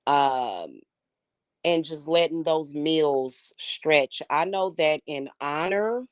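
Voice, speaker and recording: A woman's voice: deep voice, lively intonation, takes it slowly, no room sound. A woman, talking casually to her viewers, emphatic and emotional, often repeating words as she builds up steam. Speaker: spiritual channel host.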